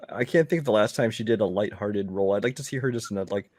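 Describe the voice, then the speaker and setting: A man co-hosting a podcast, chatting casually about films in a measured, agreeable way. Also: fairly low pitch, a little mellow, dry recording, clean studio sound. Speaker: podcast co-host. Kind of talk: casual film discussion.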